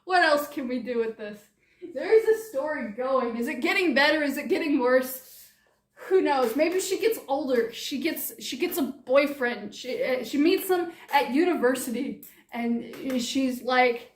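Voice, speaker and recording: A woman's voice: high-pitched, lively intonation, unhurried. A woman improvising a comic horror story, rambling, giggling and trailing off. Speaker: YouTube artist. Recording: echoey room.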